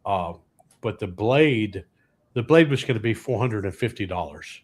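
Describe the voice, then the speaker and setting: A man's voice: on the low side, animated, moderate pace, slightly rough. A man, a guest comedian telling rambling anecdotes with dry punchlines. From Louisiana, US. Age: 60s. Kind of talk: comic storytelling on a podcast.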